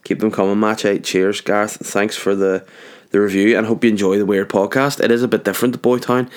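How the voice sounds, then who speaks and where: Low-voiced man rambling through a solo podcast. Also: little pitch movement, brisk. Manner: jokey, rambling, goes off on tangents. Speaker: podcast host. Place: home garage.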